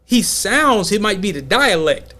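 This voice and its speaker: Guy with a pretty high voice, podcast host, slangy and worked up, tells it like a story. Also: unhurried. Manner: emphatic, slangy, animated storytelling. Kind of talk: casual debate chat.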